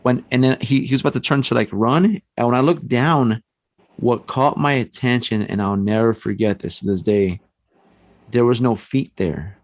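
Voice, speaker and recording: A man telling a personal ghost story on a podcast, animated and acting out the voices in his tale. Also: mid-range voice, moderate pace, dry recording. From San Antonio, Texas. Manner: animated storyteller, acts out quotes, frequent restarts and "man". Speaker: paranormal investigator guest.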